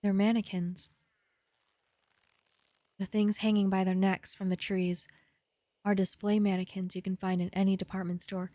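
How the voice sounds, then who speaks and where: A woman's voice: medium pitch, flat delivery, moderate pace, pauses often, dark tone, dry recording. Young female streamer, mid-range voice, playful chat and read-aloud game text, dry booth-like sound. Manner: playful and chatty, jittery when scared.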